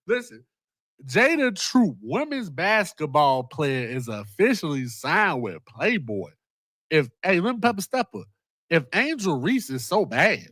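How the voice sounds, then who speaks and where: A high-pitched man hosts a casual commentary vlog, his voice leaping up and down as he reacts. He talks in an excitable, profane way, circling back over the same words. The sound is dry and close, with no room around it. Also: measured pace, no room sound. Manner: excitable, profane, repeats himself. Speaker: host.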